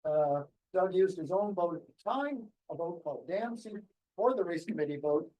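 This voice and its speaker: A man's voice: high-pitched, lively intonation, normal speed, dull audio. A man giving an anecdotal presentation to a club, rambling a little with ums and restarts. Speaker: guest speaker.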